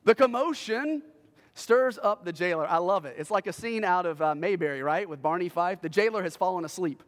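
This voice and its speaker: A man preaching a sermon as a pastor, telling a story dramatically and swinging between loud bursts and hushed lines. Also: high-pitched, animated, fairly quick, big-room sound. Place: church sanctuary.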